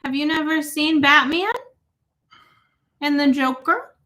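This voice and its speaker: A woman's voice: sits high, measured pace, sharp tone. A woman co-hosting a drinks tasting, chatting casually and teasing her partner. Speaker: co-host.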